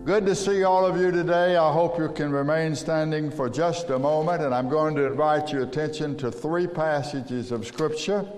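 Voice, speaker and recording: A man's voice: on the high side, darkish tone, big-room sound. A man speaking as pastor, greeting his congregation in a friendly, folksy way before a sermon.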